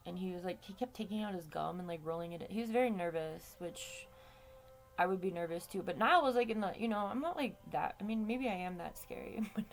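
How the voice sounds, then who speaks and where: A woman's voice: lowish voice, vocal fry. A woman telling a story to her camera in a casual, chatty way, swearing freely and laughing between lines. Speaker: vlogger.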